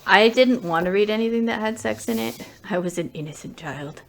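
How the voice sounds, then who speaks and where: A woman's voice: medium pitch, moderate pace, vocal fry. A woman co-hosting a podcast in casual chat, blunt and opinionated with many fillers. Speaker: podcast co-host.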